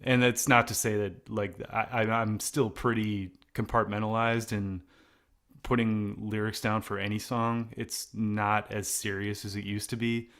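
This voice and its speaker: A man's voice: fairly low pitch, little pitch movement, measured pace, a bit bright. A middle-aged man, singer in a band, talking casually in an interview, rambling with many restarts and fillers. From United States. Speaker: singer of a post-hardcore band.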